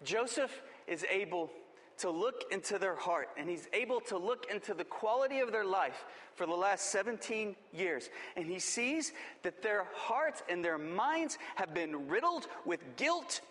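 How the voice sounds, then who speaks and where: A man preaching a sermon, telling the story dramatically and acting out the quoted lines, swinging between booming and hushed. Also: animated, unhurried. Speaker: pastor. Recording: long hall reverb.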